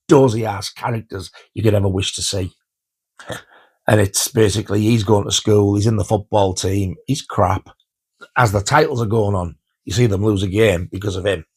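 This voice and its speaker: A man's voice: on the low side, darkish tone, husky. A man in his fifties chatting enthusiastically about films he has watched, laughing as he retells favourite scenes. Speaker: film reviewer. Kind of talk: casual home movie-review vlog.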